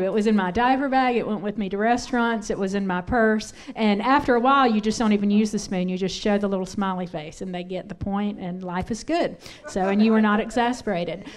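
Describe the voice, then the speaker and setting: A woman's voice: medium pitch, a little mellow. A middle-aged woman giving a candid, conversational sermon on parenting in a church, telling a personal story and asking the audience questions. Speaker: pastor's wife teaching on parenting. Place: church sanctuary.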